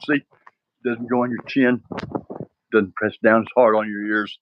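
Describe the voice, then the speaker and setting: An older man vlogging in a low voice, rambling and frustrated, checking in with "all right" as he goes. The recording sounds muffled and lo-fi. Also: little pitch movement, normal speed, long pauses, background noise. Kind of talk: casual rant to camera.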